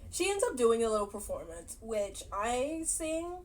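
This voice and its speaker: A woman's voice: a little high, sing-song, measured pace, rough recording. Chatty woman recapping a movie. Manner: chatty, laughs often, many fillers. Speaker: movie reaction vlogger.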